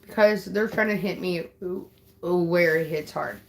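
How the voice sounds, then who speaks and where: A woman's voice: fairly low pitch, a little slow. A woman ranting angrily at her viewers on a livestream, upset and swearing, threatening people in the chat. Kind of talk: angry livestream rant.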